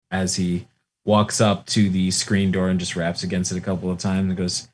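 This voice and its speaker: A man narrating as game master of a tabletop role-playing game, relaxed and rambling with many fillers. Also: sits low, normal speed.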